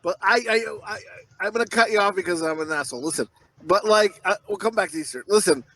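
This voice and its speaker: A man's voice: high voice, quick pace. A man co-hosting a podcast, rambling through crude stories in casual chat and laughing often. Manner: animated voices in quoted reactions. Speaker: podcast co-host.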